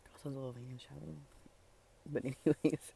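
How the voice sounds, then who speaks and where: Groggy, croaky-voiced man rambling apologetically. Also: mid-range voice, steady tone, fairly quick, warm tone. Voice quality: rough, croaky morning voice. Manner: apologetic, rambling, keeping his voice down. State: groggy, just woken up. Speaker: reaction video host. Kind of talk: casual chat. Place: home room. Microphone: earphones mic.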